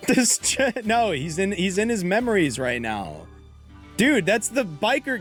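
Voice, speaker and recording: Hyped guy streamer chatting live, kinda high voice, swears a lot when he messes up. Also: a little slow, soft background music. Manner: excitable, yelps and swears at mistakes. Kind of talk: casual live game stream chat.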